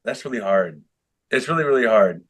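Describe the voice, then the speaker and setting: A man co-hosting a casual podcast chat, telling stories in an animated way, swearing a lot and laughing often. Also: medium pitch, brisk. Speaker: podcast co-host.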